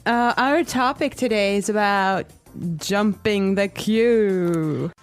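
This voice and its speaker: A woman co-hosting an English lesson podcast, explaining clearly. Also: mid-range voice, faint music behind. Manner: slow, clear teaching delivery. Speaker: podcast co-host.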